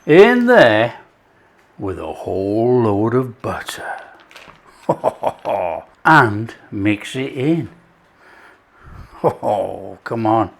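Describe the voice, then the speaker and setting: A man's voice: lowish voice, sing-song, extremely slow, vocal fry, pauses often. A man hosting a cooking show, talking through a recipe in jokey, chatty patter. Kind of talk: casual cooking demonstration.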